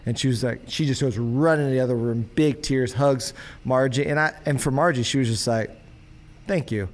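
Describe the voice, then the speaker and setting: A young adult man hosting a church podcast in a casual, chatty way. He is an animated storyteller who slips into quick voices for his kids and his own father. His pitch sits in the middle for a man. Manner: animated storyteller acting out family scenes. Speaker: podcast host and pastor.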